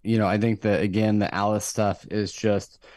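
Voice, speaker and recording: A man co-hosting a podcast, talking through a TV episode in a thoughtful, rambling way full of fillers, his voice jumping up when he gets excited. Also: fairly low pitch, moderate pace, dry recording, clean studio sound. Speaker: podcast co-host. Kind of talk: casual chat recapping a TV episode.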